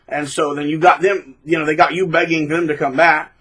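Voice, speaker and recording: A man hosting his own channel, talking bluntly and casually, mocking people by acting out quotes in shrill put-on voices. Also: flat delivery, brisk, a bit bright, slightly rough, poor audio. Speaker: channel host. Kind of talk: casual monologue.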